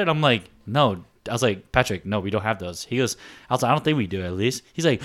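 A man's voice: medium pitch, fast talker. A young man hosting a casual podcast chat, telling stories and acting out quotes. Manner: animated storyteller, acts out quotes. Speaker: podcast host. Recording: faint background noise.

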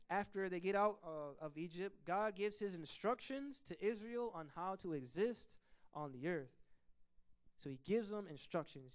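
A man teaching a church Bible study in an animated preaching style. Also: on the high side, clean tone. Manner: animated preaching, acts out complaining voices.

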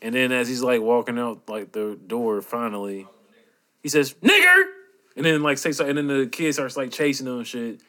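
A young man co-hosting a casual podcast. He is excitable and laughs often while retelling funny videos. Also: mid-range voice, fairly quick. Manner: excitable, laughing, acts out shouted quotes. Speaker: podcast co-host. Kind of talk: casual chat.

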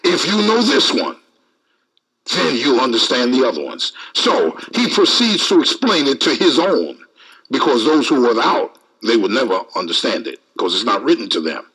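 A man's voice: medium pitch, moderate pace, rough recording. A man preaching a sermon, reading scripture aloud and calling out to the congregation. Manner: lively preaching with call-outs and scripture reading.

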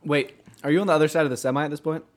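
A man co-hosting a podcast in casual chat, cutting in with quick questions and jokes. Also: on the high side, fairly even intonation. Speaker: podcast co-host.

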